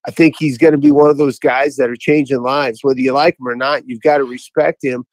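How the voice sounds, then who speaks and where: A man's voice: mid-range voice, fairly even intonation, brisk, a little mellow, dry recording, poor audio. A man calling in to a podcast, telling a story in a rambling, enthusiastic way, full of restarts. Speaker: caller to a podcast. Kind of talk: casual chat, storytelling.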